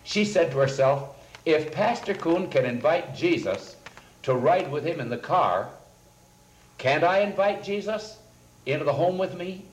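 A man's voice: on the high side, lively intonation, unhurried. A man speaking as a pastor, telling earnest anecdotes and quoting people as he goes. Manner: earnest anecdotal storytelling, quotes people in a raised voice. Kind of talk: storytelling sermon talk. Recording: roomy echoing recording.

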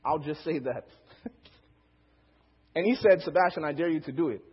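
Husky preacher man in an echoey hall. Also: on the high side, moderate pace, muffled recording. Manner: animated storytelling, acts out quotes, laughs often. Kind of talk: storytelling sermon.

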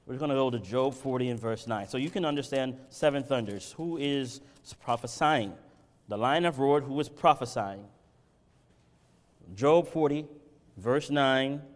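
A man preaching a sermon. He swings between loud, impassioned peaks and low, conversational Bible teaching. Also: unhurried. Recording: reverberant hall.

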